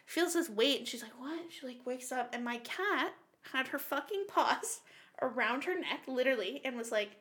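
A woman telling animated, profanity-laced stories in a casual chat among friends. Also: high voice, normal speed. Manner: animated storyteller, swears a lot.

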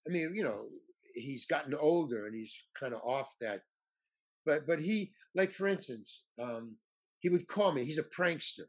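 A man's voice: a little high, animated, moderate pace, breathy edge. A male actor telling a rambling story as an interview guest, restarting and stammering often. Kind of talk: casual anecdote telling.

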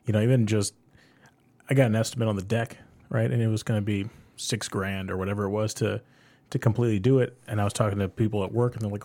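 A man's voice: lowish voice, fairly even intonation, quick pace, warm tone. A man in his thirties chatting casually, rambling through stories with lots of fillers. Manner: rambling storyteller with many fillers. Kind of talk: casual chat.

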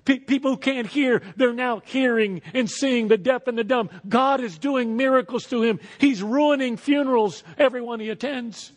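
A man preaching a sermon as pastor, animated, acting out voices and leading the crowd to repeat after him. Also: extremely high pitch, normal speed, hardly any pauses. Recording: reverberant hall.

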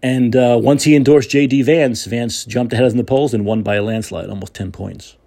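A man's voice: mid-range voice, normal speed, creaky, warm tone. A man hosting a political talk show, delivering an angry, sarcastic and profane rant.

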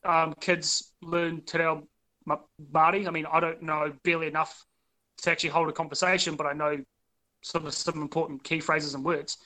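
A man's voice: a little high, level tone, normal speed, bright, forceful tone. A young man with a New Zealand accent in a loose, profane casual chat, often repeating words as he restarts.

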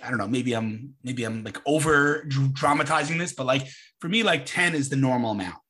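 A man's voice: medium pitch, fairly quick, bright, forceful tone, breathy edge. A man hosting a podcast over a video call, talking in a casual, emphatic way and slipping into mocking voices when he quotes people. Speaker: podcast host. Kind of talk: casual conversational interview.

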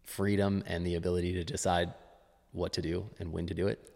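A man's voice: sits low, flat delivery, brisk, gravelly, a little mellow, long reverb tail. A man who is a fitness coach, chatting as a podcast guest in a musing, restarting way. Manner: musing, with frequent restarts and laughs. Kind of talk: casual interview chat.

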